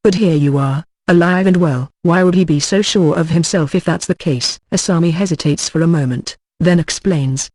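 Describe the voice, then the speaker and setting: A man giving first-person audiobook narration in a steady, even reading voice. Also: a little high, normal speed, hardly any pauses, no room sound.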